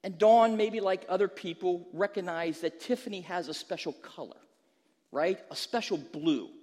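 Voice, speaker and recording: A man's voice: high-pitched, moderate pace, a little mellow, long reverb tail. A male pastor preaching a sermon, telling a humorous story and then pressing an emphatic question to the listeners.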